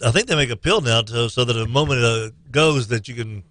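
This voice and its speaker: A man hosting a casual sports talk radio show, excitable, reading listener texts and jumping into high shouted impressions. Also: a little fast, no echo.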